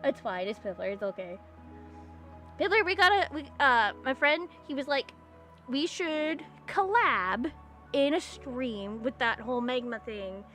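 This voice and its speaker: Her voice sits high and her pace is unhurried as this young California woman draws on stream and chats loosely with viewers. She's rambly and giggly, prone to sudden squeals of excitement, while music plays faintly behind her.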